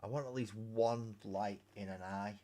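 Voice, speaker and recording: A man's voice: fairly low pitch, steady tone, measured pace, dark tone. A man hosting a casual live stream while painting miniatures, rambling, joking and swearing freely. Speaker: hobby streamer. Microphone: webcam mic.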